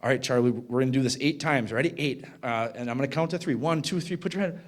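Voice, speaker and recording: Guy voicing a steady no-nonsense swim teacher counting one two three, plain voice. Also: mid-range voice, fast, close to an everyday voice. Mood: firm. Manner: steady, matter-of-fact. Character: calm, firm female swim instructor counting down.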